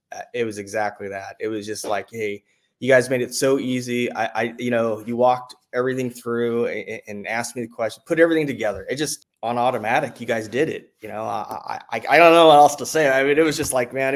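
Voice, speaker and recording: A man, a military veteran, giving a casual spoken testimonial, halting with many restarts and fillers, his voice jumping up excitedly when he retells what was said. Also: medium pitch. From United States.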